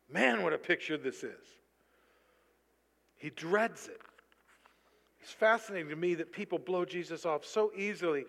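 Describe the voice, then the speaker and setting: High, bright-voiced male preacher in a hall. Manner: animated, rising to loud bursts when quoting. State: tired. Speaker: pastor. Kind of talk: sermon. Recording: long reverb of a large hall.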